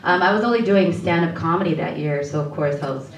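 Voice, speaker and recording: Woman on a q&a panel telling a lively story, laughs a lot, echoey room, mic kinda far. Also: on the low side, quick pace, dull audio. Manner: animated, laughing, acts out quoted voices. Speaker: actress on a post-screening panel. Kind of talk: storytelling at a live Q&A. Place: screening room before an audience. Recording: roomy hall, distant mic.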